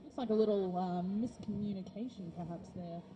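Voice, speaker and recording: A woman's voice: mid-range voice, brisk, highs cut off, a little hiss or hum. A woman giving chatty, laughing colour commentary on a roller derby bout. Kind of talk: live sports colour commentary.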